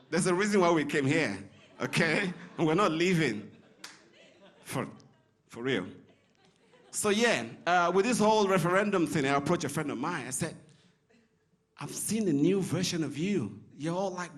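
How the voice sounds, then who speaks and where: A man's voice: sits high, expressive, moderate pace. A man from Nigeria performing a stand-up comedy set on stage in a comedy club, teasing the crowd.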